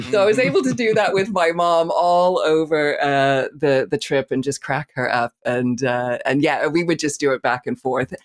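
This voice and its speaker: A woman's voice: deep voice, normal speed, hardly any pauses. Chatty woman therapist guest. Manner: chatty, amused, fond of mimicry. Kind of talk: casual chat.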